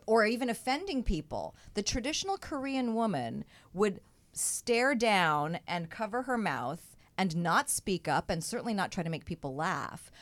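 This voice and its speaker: A woman's voice: fairly high pitch, no room sound. Emphatic woman comedian guest, dry sound. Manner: earnest, emphatic explaining. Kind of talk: talk show conversation.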